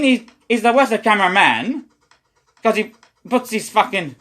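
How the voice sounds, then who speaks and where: A man's voice: high-pitched, sing-song, moderate pace, sharp tone. A man streaming a rambling, repetitive religious monologue, preachy and full of profanity.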